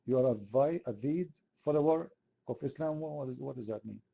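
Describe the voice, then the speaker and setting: A man's voice: medium pitch, a little fast, vocal fry, slightly rough, highs cut off. A man from the Middle East, hosting an online chat room debate in a sarcastic, mocking, argumentative way. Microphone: computer mic.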